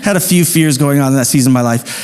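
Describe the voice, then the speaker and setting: Pastor, thirties, from Idaho, animated sermon storyteller who sinks to a quiet hush. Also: male voice, medium pitch. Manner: animated storytelling that drops to a soft, slow hush.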